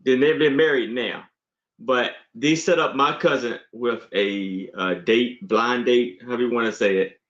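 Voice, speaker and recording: A man co-hosting a live stream, telling a story in unhurried, halting casual chat. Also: medium pitch, a bit bright. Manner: unhurried, halting, with many restarts. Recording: dull lo-fi stream audio.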